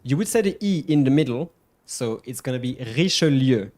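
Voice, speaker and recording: A man from France speaks English with a French accent in a relaxed stream chat. He leans hard on French words, stretching and repeating them like a playful teacher. His pitch sits mid-range. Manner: playful, drawn-out emphatic pronunciations. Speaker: co-host. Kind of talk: casual stream chat and pronunciation lesson.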